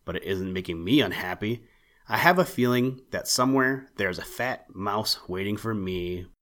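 A curt, proud screech owl, as a male reader puts him on, clipped and a little cross. He speaks in a fairly low, everyday storybook voice. His words come out solemn and sharp. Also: animated, moderate pace. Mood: matter-of-fact. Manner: snappish, solemn.

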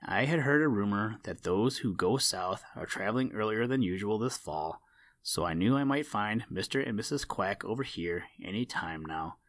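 A man voicing a sly, sharp-eyed male crow who teases the others with mock kindness, in a storybook reading. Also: on the low side, lively intonation, moderate pace, no echo. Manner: sly, chuckling, mock-kindly.

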